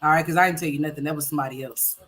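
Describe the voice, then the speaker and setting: A woman's voice: low-pitched, fairly even intonation, rapid-fire, heavy background noise. A woman hosting a casual livestream, playfully scolding and teasing her young sons. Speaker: livestream host.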